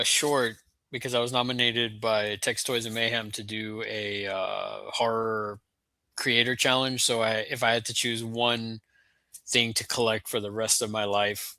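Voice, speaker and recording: Hesitant male guest, very bright tone, dry close sound. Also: lowish voice, level tone, a little slow, no room sound. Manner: hesitant, many fillers. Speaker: guest co-host. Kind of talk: casual chat.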